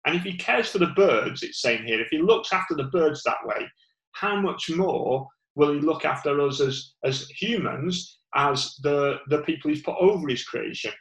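A man with a Northern English accent preaches an informal sermon in a slightly raised voice, often pausing and restarting. His voice rings around an echoey room. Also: on the high side, expressive, fairly bright tone. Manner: rambling, many fillers and restarts.

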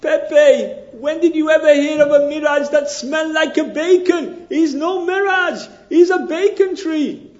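A desperate, starving desert wanderer squeaks. His grammar is broken and comic. The lo-fi church recording sounds dull. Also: unhurried, echoey room. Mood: excited.

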